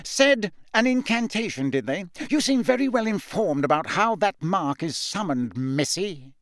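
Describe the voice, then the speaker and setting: A man's voice: sits high, animated, a little slow, no room sound, studio quality, voice pushed up. A man voicing a cold, furious older male official who snaps curt accusations. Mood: sneering.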